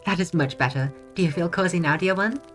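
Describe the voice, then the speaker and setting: A woman voicing a sweet, playful young princess in a soft, coaxing, slightly hoarse voice while reading a visual novel aloud. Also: fairly low pitch, fast, soft background music, pitched above the performer's own voice, natural voice. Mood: tender.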